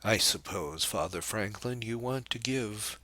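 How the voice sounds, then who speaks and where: A man reading the part of a poised young woman who speaks lightly, with a gentle mocking edge. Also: lowish voice, measured pace, dry recording, voice pushed up. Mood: cool, mocking.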